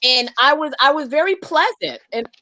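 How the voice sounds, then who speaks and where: A woman's voice: high voice, lively intonation, moderate pace, bright, forceful tone, dry recording. Wry woman telling a story, dry sound. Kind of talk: casual livestream chat.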